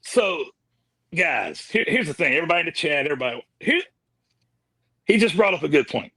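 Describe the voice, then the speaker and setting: A man appearing as a guest on a livestream, talking in an animated, emphatic and folksy way. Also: a little high, brisk, breathy edge, dry recording. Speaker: guest reviewer. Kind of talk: casual livestream chat.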